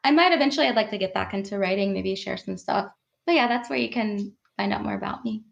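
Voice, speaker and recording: A woman's voice: medium pitch, quick pace, vocal fry, dull audio. A woman guest on a podcast, speaking earnestly and emotionally about her own growth, laughing often. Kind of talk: reflective conversational interview.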